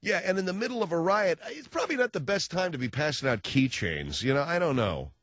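A man's voice: fairly high pitch, very animated, brisk, a bit bright, dry recording, lo-fi sound. Wisecracking male talk radio host. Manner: wisecracking, riffing, acts out voices.

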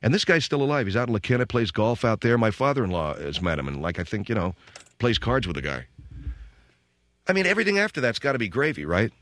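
A middle-aged man hosting a radio call-in show, telling stories in an animated, rambling way from a studio. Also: a little high, dry recording. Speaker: radio talk show host.

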